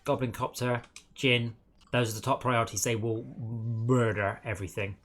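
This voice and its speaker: A man's voice: mid-range voice, level tone, moderate pace, fairly bright tone, a little hiss or hum. A man streaming a co-op game, chatting casually and self-mockingly while calling out targets and coaching his teammates. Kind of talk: casual gameplay chat.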